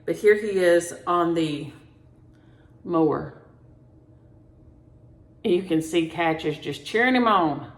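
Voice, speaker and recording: Folksy middle-aged woman in a roomy room. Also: low voice. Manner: folksy, storytelling, addresses viewers as y'all. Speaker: cross-stitch vlog host. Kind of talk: casual chatty vlog. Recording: roomy home recording.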